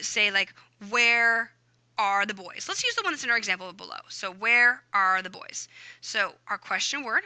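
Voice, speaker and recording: A woman's voice: medium pitch, pushed and bright, no echo, poor audio. A woman teaching a grammar lesson over a screen recording, upbeat and chatty, talking through each step aloud. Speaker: Spanish teacher.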